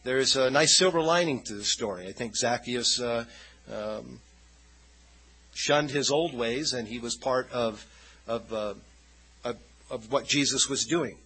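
Male preacher, husky tone with a bright, forceful edge; chatty, rambling sermon delivery. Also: mid-range voice, unhurried, long pauses, low-quality recording. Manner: conversational, loose and rambling. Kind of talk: informal sermon.

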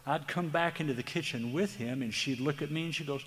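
A man preaching a sermon, earnest and tender, speaking slowly with emphasis. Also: fairly high pitch, fairly bright tone. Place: church hall. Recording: long hall reverb, faint background noise.

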